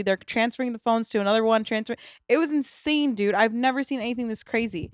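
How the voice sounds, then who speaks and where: A young woman with a fairly high voice tells a rambling story in casual podcast chat, acting out what everyone said. The sound is close and dry, with no room echo. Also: fast talker, hardly any pauses. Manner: animated storyteller, acts out quotes, frequent fillers. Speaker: podcast co-host.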